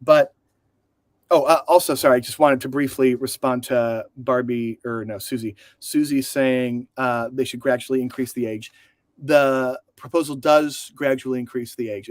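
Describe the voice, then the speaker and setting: A man co-host telling rambling, jokey stories and correcting himself as he goes. His voice is mid-pitched. The recording is dry and close, with no room sound. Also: no echo. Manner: rambling, joking, self-correcting. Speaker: podcast co-host. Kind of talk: casual discussion.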